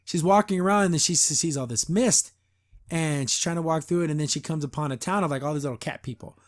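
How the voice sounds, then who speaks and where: A man hosting a podcast, giving a casual, opinionated reaction to a cartoon episode, rambling with restarts and putting on quick voices when he retells scenes. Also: on the high side, soft background music. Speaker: podcast host reviewing a cartoon.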